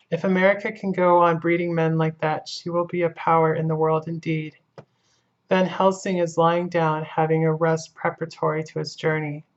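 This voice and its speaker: A woman narrates an old novel in a steady, measured reading. Her voice is low and notably flat in pitch. The sound is muffled and lo-fi. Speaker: audiobook reader. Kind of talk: scripted audiobook narration. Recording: dull lo-fi recording.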